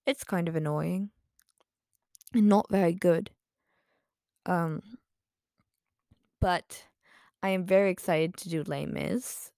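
A woman's voice: lowish voice, fairly even intonation, takes it slowly, pauses often, warm tone, no room sound, clean studio sound. A woman chatting casually in a vlog, rambling and self-deprecating with lots of fillers, her voice a bit tired. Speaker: vlogger.

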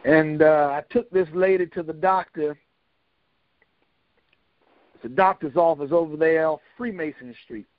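Older man, folksy joking storyteller, slightly high voice, dry sound. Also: measured pace, pauses often, dry recording. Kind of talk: casual storytelling. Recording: dull, lo-fi dry recording.

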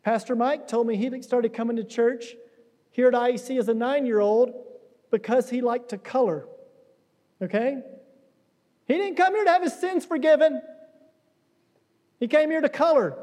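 Male pastor, chatty sermon delivery with acted-out asides, warm dark tone, echoing sanctuary. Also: extremely high pitch. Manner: conversational preaching with acted-out quotes. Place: church sanctuary.

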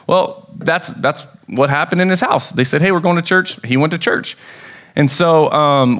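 A young adult man with an American accent, a pastor preaching a sermon in a conversational, storytelling way that bursts into excitement. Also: mid-range voice.

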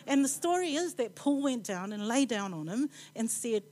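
A woman with a New Zealand accent giving a chatty, rambling sermon in a church, full of playful asides and quick laughs. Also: on the high side, animated, a little mellow. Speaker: preacher.

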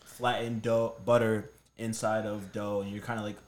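A man co-hosting a podcast, explaining a baking term haltingly with plenty of ums and "basically". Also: on the low side, little pitch movement. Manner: explains haltingly, with many fillers. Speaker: podcast co-host. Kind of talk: casual chat.

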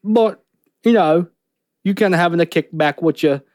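A man's voice: fairly high pitch, normal speed, darkish tone, dry recording, clean studio sound. A man co-hosting a podcast, rating a beer in jokey casual banter with frequent laughs and restarts. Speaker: podcast co-host rating beers.

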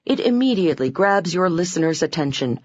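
A woman reading self-help narration from a script, expressive and acting out quoted lines with sudden pitch jumps. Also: fairly quick, dry recording, lo-fi sound. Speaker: audiobook narrator.

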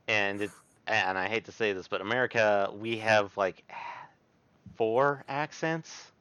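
A man with a slight Southern drawl, co-hosting a casual podcast chat in an unhurried, hesitant way. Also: on the low side, bright, forceful tone, clean tone, no echo. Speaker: podcast co-host. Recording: dull, dry, lo-fi mic.

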